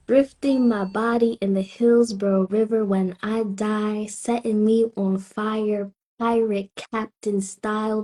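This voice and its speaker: A spoken word poet from Tampa, Florida, a woman with a Southern accent, delivering her lines in a slow, rhythmic way with weighty pauses. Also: fairly high pitch, warm tone, breathy edge. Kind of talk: spoken word poetry performance.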